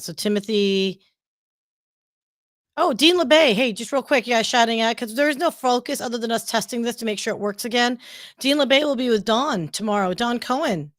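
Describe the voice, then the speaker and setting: Brief: female co-host, middle pitch, dry close call mic, talkative and explanatory. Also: dry recording. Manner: chatty and explanatory, frank asides. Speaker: livestream co-host. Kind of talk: casual livestream chat.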